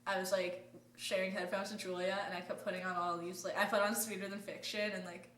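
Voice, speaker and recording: A woman's voice: mid-range voice, little pitch movement, fairly quick, a bit bright, reverberant, distant mic, slight background noise. A teenage girl chatting with friends, telling a story full of "like" and acting out what people said. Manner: chatty, full of "like", acts out quotes. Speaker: fan vlogger. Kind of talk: casual group storytelling.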